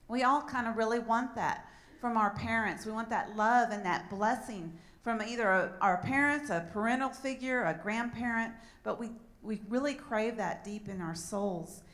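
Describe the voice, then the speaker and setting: A woman pastor preaching and reading a Bible passage aloud, relaxed and laughing at her own slips. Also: mid-range voice, measured pace.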